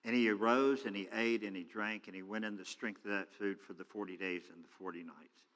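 A man preaching a sermon as a pastor, acting out quoted voices with big swings in pitch and loudness. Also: fairly even intonation, brisk. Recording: hall reverb.

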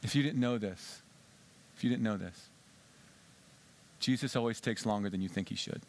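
A man preaching a sermon as dramatic storytelling, his voice lowish and his pace normal, shifting between quiet whispers and shouts. He puts questions straight to his listeners, and there is slight background noise.

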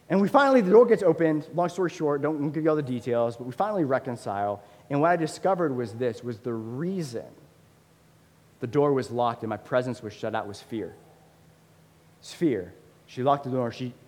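A man in his thirties preaching a sermon as a pastor, conversational and animated, with lots of fillers. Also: medium pitch. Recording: long hall reverb.

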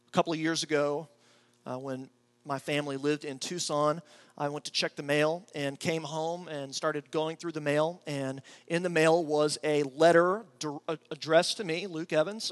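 A middle-aged man preaching with a fairly high voice. He tells his story with lively energy and acts out his own excitement. His prayers come out soft and slow. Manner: prays softly and slowly. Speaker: pastor. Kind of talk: sermon.

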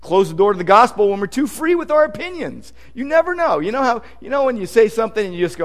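A man's voice: high-pitched, big pitch swings, fast, hardly any pauses. A male pastor preaching a sermon in a conversational, emphatic way, reading scripture aloud as he goes.

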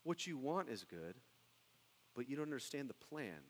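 A man delivers a sermon in an animated way, sinking low and soft before climbing into loud, excited stretches. His voice sits at an ordinary middle pitch for a man. The sound carries a long reverb, as if he is speaking in a large sanctuary. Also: normal speed. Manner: animated preaching, swings from hushed to loud excited bursts. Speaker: pastor.

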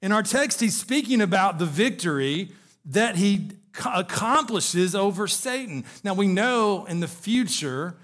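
Man, pastor, expository sermon, high-pitched, rhetorical questions, emphatic. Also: fairly bright tone. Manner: asks the congregation rhetorical questions, rising to emphatic peaks.

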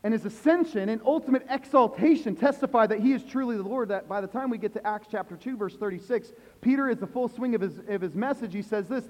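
Male pastor, high voice, preaching to a church, quizzes the crowd, soft then loud, long reverb. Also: fast talker, hardly any pauses. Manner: asks the congregation questions, swings from hushed to loud emphasis. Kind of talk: sermon. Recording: echoey hall, dull lo-fi sound.

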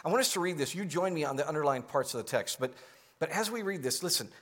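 A man's voice: fairly high pitch, lively intonation, fast, fairly bright tone, breathy edge. A male pastor preaching a sermon in a conversational, explanatory way, asking the congregation to answer aloud.

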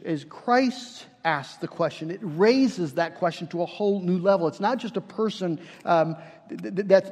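High-voiced preacher in an echoing hall. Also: male voice, a little mellow. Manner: earnest, rising to fervent emphasis with repeated restarts. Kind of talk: sermon.

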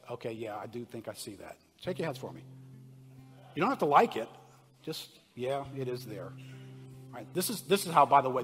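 A man preaching a sermon to a congregation, moving from conversational asides to loud, impassioned passages and asking the room direct questions. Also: medium pitch. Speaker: pastor. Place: church sanctuary. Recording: preached in a reverberant hall, soft guitar behind.

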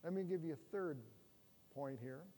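A man's voice: a little high, normal speed, mellow. A middle-aged man preaching a sermon, conversational and humorous, with rhetorical questions to the congregation. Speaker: pastor. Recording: long hall reverb.

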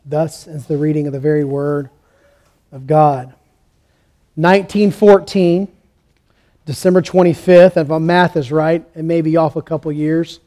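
Male pastor, higher voice, sermon delivery with lively storytelling. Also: a little slow, long pauses. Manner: storytelling preacher, rising to animated peaks.

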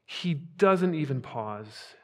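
A male pastor preaching a sermon, emphatic, swinging between hushed asides and loud, rising declarations. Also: a little high, expressive, takes it slowly, in a large hall.

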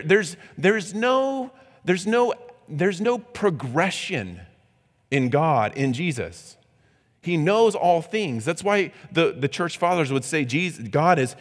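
A male pastor preaching a midweek sermon, animated and conversational, often restarting and repeating words. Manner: animated, acts out quotes in a high voice. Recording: long hall reverb.

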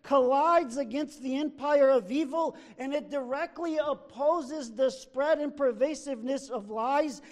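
A man preaches from the pulpit with an unusually high voice, pressing his points slowly and deliberately. He swings between loud, emphatic declarations and hushed asides. The sound carries a long reverb, like a church sanctuary. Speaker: pastor. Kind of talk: sermon.

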